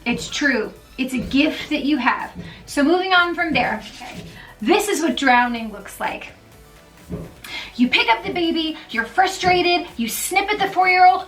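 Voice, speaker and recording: A woman's voice: extremely high pitch, animated, normal speed, a bit bright, recorded from a distance, faint music behind. A woman giving casual, encouraging vlog talk, chatty and often checking in with her listeners. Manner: chatty, checks in often with "okay?" and "all right?". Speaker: mom vlogger.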